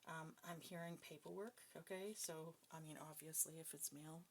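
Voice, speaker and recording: A woman's voice: low-pitched, steady tone, normal speed, a little hiss or hum. A woman who is a psychic reader, talking casually and bluntly to her viewers, with plenty of swearing and emphasis. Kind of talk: casual personal talk to viewers.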